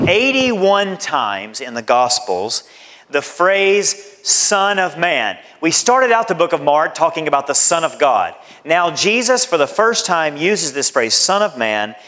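A man preaching a sermon as pastor, emphatic and deliberate, with dramatic swings in his voice. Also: on the high side, bright, forceful tone. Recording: long hall reverb.

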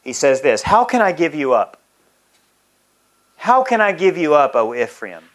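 Slow, emphatic male preacher. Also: fairly high pitch, big pitch swings, fairly bright tone. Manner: reads scripture aloud with emphatic, drawn-out phrases. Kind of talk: sermon.

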